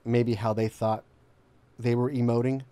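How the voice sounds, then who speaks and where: A man's voice: medium pitch, level tone, unhurried, warm tone, smooth, no room sound. A man in casual chat as a co-host reviewing a game, rambling with lots of fillers and laughing easily.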